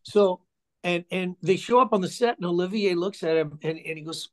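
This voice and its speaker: An older man, a musician guest in a casual interview, telling animated anecdotes and slipping into voices for the people he quotes. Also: high-pitched, fairly quick. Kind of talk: casual conversation, storytelling.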